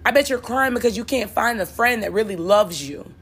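Animated and fairly quick, her voice sits a little high, sounding fairly bright but husky. She's a spiritual motivational speaker preaching bluntly and profanely, repeating lines and laughing at her own jokes.

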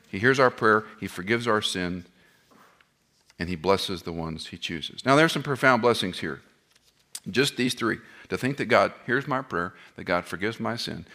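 A middle-aged man preaching a sermon, impassioned, swinging between loud cries and hushed tones, with self-deprecating asides. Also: lowish voice, gravelly. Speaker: pastor.

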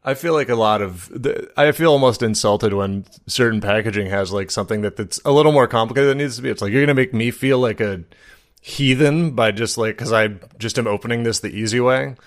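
A man's voice: medium pitch, a little fast. A man co-hosting a podcast in casual chat, telling rambling, jokey stories full of fillers. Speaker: podcast co-host.

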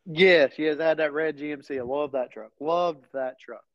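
A man's voice: a little high, normal speed, dry recording. A man telling a story as a podcast co-host, often laughing as he talks. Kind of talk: casual storytelling chat. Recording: dull lo-fi sound.

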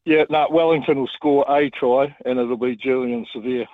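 Brash jokey caller on a dull line. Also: male voice, mid-range voice, fairly even intonation, moderate pace, dry recording. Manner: brash and jokey, confident about his pick. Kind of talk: casual radio call-in chat. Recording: dull phone-line audio.

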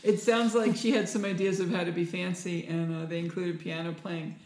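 A woman's voice: fairly low pitch, brisk. A woman, a former stand-up comedian, chatting casually and laughing often as she tells stories. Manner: laughs often, animated storytelling. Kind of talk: casual chat. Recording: echoey room.

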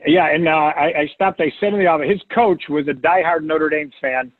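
An older man talks sports on a call-in radio show, rambling through stories and quoting coaches in a lifted voice. His voice sits a bit high, and the sound is dry and squeezed like a phone line. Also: brisk, dry recording. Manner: storytelling, quotes coaches in a raised voice. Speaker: recruiting analyst guest. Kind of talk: casual radio sports talk.

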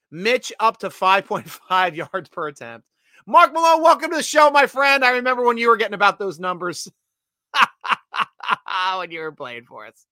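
High-voiced, bright, animated man hosting. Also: dry recording, studio quality. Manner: animated, laughs often, many restarts. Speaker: sports podcast host. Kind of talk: casual livestream chat reading comments.

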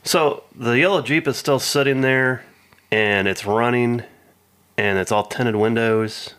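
A man's voice: mid-range voice, unhurried, fairly bright tone, clean tone. A man telling a long rambling story in casual chat with a friend. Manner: rambling anecdotal, acts out quoted voices.

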